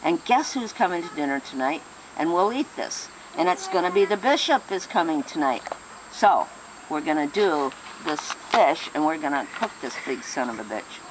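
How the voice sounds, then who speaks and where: An eager, boastful male priest cook in a spoken joke, as a woman puts him on. He talks in a lowish voice with animated, wide pitch swings. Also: moderate pace, background noise.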